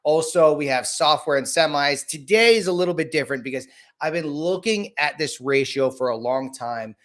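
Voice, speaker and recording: Hoarse man rambling through market talk. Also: a little high, normal speed, a bit bright. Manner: rambling, repeats himself, frequent restarts; blunt and casual, greets viewers by name. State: hoarse from a cold. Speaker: host of a market livestream. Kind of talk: casual livestream market commentary.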